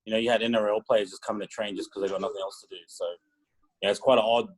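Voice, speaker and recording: Laid-back man, low voice. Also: flat delivery, rapid-fire, poor audio. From Australia. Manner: laid-back, rambling storyteller. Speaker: podcast guest. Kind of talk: casual chat.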